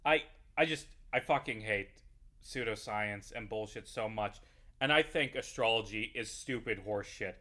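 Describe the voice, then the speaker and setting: A man's voice: on the low side, moderate pace, bright, forceful tone. A man giving a heated, profane, rambling rant over his gameplay. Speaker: YouTuber playing a game. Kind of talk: ranting gameplay commentary.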